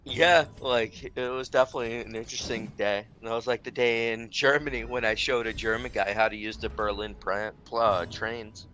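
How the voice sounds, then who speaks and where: An American man tells a rambling story on a game stream, his voice bright and forceful. He laughs through his words, swears freely and leans on "like" constantly. A faint hum of noise sits behind him. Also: medium pitch, moderate pace, hardly any pauses. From United States. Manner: animated, laughs often, swears, many "like" fillers. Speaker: streamer, host. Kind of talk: casual storytelling while playing a game.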